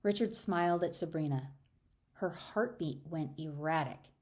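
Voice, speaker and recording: A woman narrating an audiobook, lively in dialogue. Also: measured pace. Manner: expressive, raises pitch for dialogue. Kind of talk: audiobook narration with character voices.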